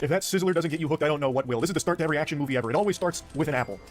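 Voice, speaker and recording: Male reaction host, rapid-fire, profane, jokey outrage. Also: on the high side, music in the background. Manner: irreverent, swearing, jokey outrage. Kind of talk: casual reaction commentary.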